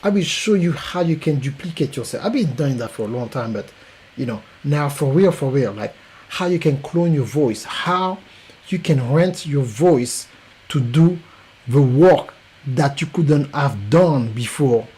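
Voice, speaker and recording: A man with a French accent giving an emphatic, repetitive promotional pitch as a podcast coach. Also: animated, unhurried, darkish tone, slightly rough, rough recording.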